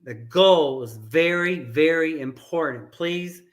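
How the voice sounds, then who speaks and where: A man's voice: fairly high pitch, slow pace, fairly bright tone. A middle-aged man giving an earnest motivational fitness talk as a coach, repeating phrases for emphasis.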